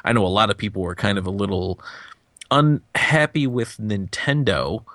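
Low-voiced man rambling on a podcast. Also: normal speed, a bit bright, no echo, clean studio sound. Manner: rambling, many restarts and fillers. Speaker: podcast co-host. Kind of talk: casual podcast discussion.

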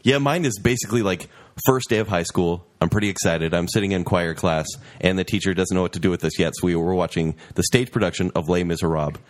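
A man's voice: deep voice, quick pace. A man co-hosting a casual chat, telling a self-deprecating story. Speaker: podcast co-host.

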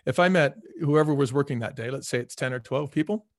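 A middle-aged man, a former restaurant executive, telling stories as an interview guest in an energetic, emphatic way. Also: mid-range voice, a little fast, dry recording, studio quality. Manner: energetic, emphatic, acts out quoted people. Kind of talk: casual storytelling in a podcast interview.

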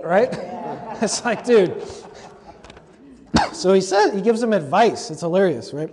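High-voiced man lecturing in a reverberant hall. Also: moderate pace, a little mellow. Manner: conversational and humorous, with asides to the audience. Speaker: lecturer and podcast host. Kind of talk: lecture on scripture. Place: large lecture hall at a convocation. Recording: long hall reverb from a live talk.

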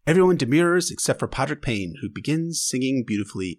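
A man's voice: mid-range voice, big pitch swings, brisk. A man hosting a podcast who recaps an episode in casual chat, full of emotional and wry, sarcastic asides. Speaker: podcast host.

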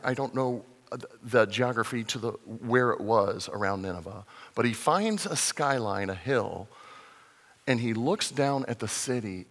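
A man preaching a conversational sermon as a pastor, animated and sometimes acting out the voices in the story. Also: medium pitch, in a large hall. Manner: conversational, animated, acts out voices in his retelling.

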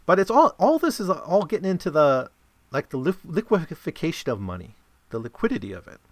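A man's voice: fairly high pitch, sing-song, a little fast, no room sound. A man giving a casual explanatory talk about a novel, often checking in with listeners by asking "right?". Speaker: lecturer on a novel.

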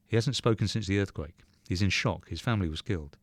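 A man's voice: low-pitched, fast, breathy edge, dry recording. A man reading aloud and voicing a tired, stern male factory owner who speaks firmly and commands. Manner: firm, commanding.

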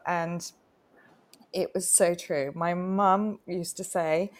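A woman's voice: lowish voice, fairly even intonation, slow. A woman co-hosting a live chat, telling a personal story in an earnest, heartfelt way. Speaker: co-host, retreat facilitator. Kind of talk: casual live-stream chat.

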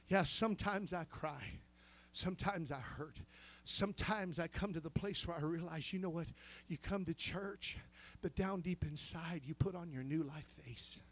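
A man preaching a Pentecostal sermon in church, swinging between fervent shouting and hushed intimacy, with cries of hallelujah and amen. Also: on the high side, normal speed.

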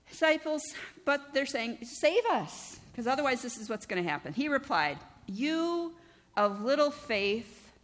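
A middle-aged woman pastor giving a conversational, lively sermon, often checking in with the congregation. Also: fairly high pitch. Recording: long church-hall reverb.

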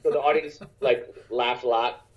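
A man, a stand-up comedian, telling a story in casual conversation in an animated, profane way and acting out other people's lines. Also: medium pitch, normal speed, lo-fi sound.

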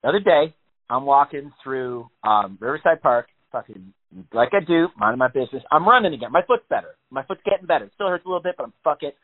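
A man's voice: medium pitch, lively intonation, fast. A man telling a story in casual, rambling chat on a podcast, with lots of swearing. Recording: tinny phone-like sound.

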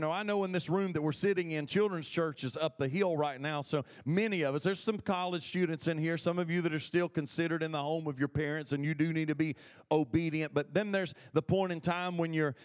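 High-voiced preacher. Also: male voice, smooth. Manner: conversational preaching with audience call-and-response. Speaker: pastor. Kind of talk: sermon. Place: church sanctuary.

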